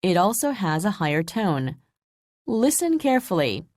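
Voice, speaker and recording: Woman narrating a clear scripted lesson. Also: medium pitch, sing-song, a little mellow, no room sound, clean studio sound. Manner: clear, measured explanation. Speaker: language instructor.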